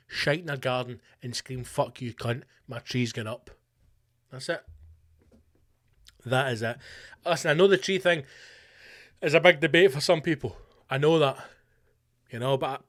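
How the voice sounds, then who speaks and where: A man's voice: on the high side, fairly bright tone. A Scottish man hosting a podcast, delivering a profane, ranting comic monologue with mock-rallying slogans. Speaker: podcast host.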